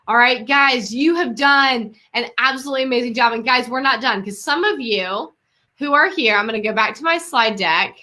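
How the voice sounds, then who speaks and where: A woman's voice: a little high, normal speed, sharp tone. A woman teaching quilting online, giving an effusive, encouraging graduation speech to her students over a webcam. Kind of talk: live-streamed graduation address. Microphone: webcam, face to camera.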